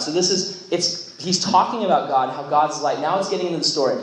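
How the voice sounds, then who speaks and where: Young man, youth sermon; chatty, animated, slightly high, echoey hall. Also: normal speed. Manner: animated, filler-heavy talk with lots of "like". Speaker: youth pastor. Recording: roomy echo.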